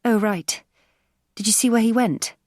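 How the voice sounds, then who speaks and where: A woman voicing an anxious, hesitant woman in an audiobook, speaking haltingly. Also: a little high, a little mellow, no room sound, studio quality, pitched above the performer's own voice. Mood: awkward. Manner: hesitant, faltering.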